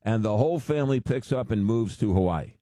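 A man's voice: on the low side, animated, a little fast, mellow, no echo, clean studio sound. A male interviewer asking direct questions and recapping the guest's story.

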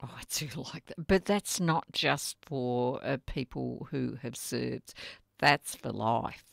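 An interviewer in a casual chat, asking long, trailing questions in an unhurried way. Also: mid-range voice, vocal fry, no room sound, clean studio sound.

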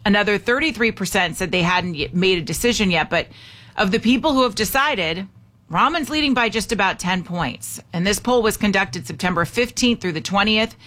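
A woman's voice: medium pitch, a little fast, fairly bright tone. A woman hosting a talk radio show, chatty and opinionated as she reads news and repeats the call-in number.

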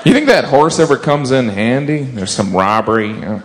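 A man's voice: mid-range voice, lively intonation, brisk. A man doing observational stand-up in a wry tone, slipping into silly voices. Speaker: stand-up comedian. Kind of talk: stand-up routine. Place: comedy stage before a live audience. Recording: live show with crowd and noise.

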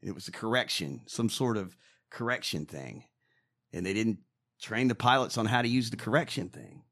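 A man co-hosting a casual show, ranting and swearing in an animated way. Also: on the low side, normal speed. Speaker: podcast co-host. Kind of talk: casual profane chat.

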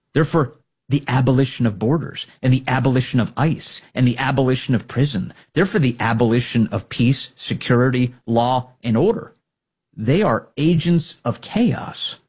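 A man hosting a political talk show, sarcastic and animated, often mocking others in put-on voices. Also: medium pitch, moderate pace, breathy edge. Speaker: talk radio host.

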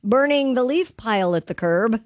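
A woman's voice: on the high side, lively intonation, normal speed, no room sound. Woman cohost on morning radio, chatty, reads little news bits, dry close sound. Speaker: radio co-host.

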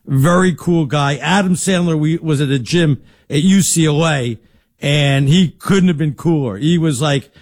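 A middle-aged man co-hosting sports talk, telling stories in a loud, lively, boisterous way. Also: fairly high pitch, measured pace. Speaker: sports radio co-host. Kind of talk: casual sports talk banter.

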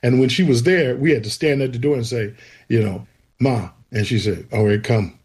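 As an interview guest, a man relates his faith testimony in a slightly rough, medium-pitched voice at a moderate pace. It is lively storytelling in which he acts out each quoted voice.

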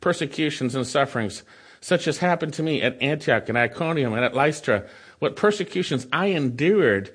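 A male pastor preaching an expository sermon, reading scripture aloud and breaking in with lively rhetorical questions. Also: a little high, moderate pace, breathy edge.

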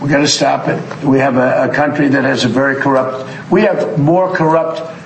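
A man's voice: medium pitch, steady tone, normal speed, slight background noise. A man speaking in a played clip, making blunt, repetitive, punchy political claims. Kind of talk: political speech remarks. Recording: roomy echo with faint ambience.

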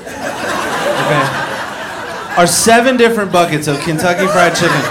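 A man's voice: high-pitched, animated, normal speed, long pauses, crowd noise. Sardonic male stand-up comedian. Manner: dry, sardonic storytelling. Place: comedy club stage. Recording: noisy live club recording.

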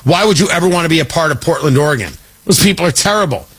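High husky sarcastic talk radio man. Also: lively intonation, rapid-fire, fairly bright tone. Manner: sarcastic, rambling asides. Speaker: radio talk show host. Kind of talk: political commentary monologue.

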